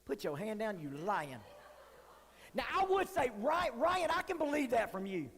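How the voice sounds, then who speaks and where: In a church hall with long reverb, a male youth pastor preaches a sermon to a young crowd, joking and speaking candidly. His voice is extremely high and fairly bright, very animated, and moves at a moderate pace.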